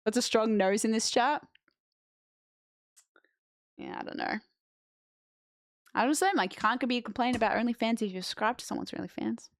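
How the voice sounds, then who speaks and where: A woman's voice: on the high side, quick pace, few pauses, no room sound. A young woman streaming, chatting bluntly and jokingly with her live chat and reading messages aloud. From Australia.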